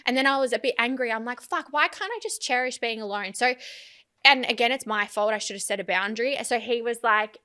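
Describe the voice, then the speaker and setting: A woman's voice: a little high, brisk, sharp tone, clean tone. A young woman, chatting candidly on a podcast, rambling and swearing freely. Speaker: podcast host. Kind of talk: casual chat.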